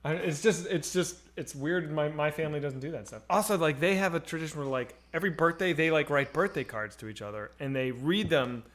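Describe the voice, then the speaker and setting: A man's voice: a little high, fairly quick, few pauses, fairly bright tone. A man co-hosting a livestreamed talk show, chatting casually and rambling with many fillers and restarts. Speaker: podcast co-host. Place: home streaming setup.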